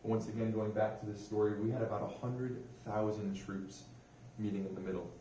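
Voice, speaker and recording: A man's voice: on the low side, little pitch movement, brisk, warm tone. A man, a religious affairs airman, giving a chatty, informal history talk to a museum audience and often turning to them with questions. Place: museum room. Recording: roomy hall, distant mic, faint noise.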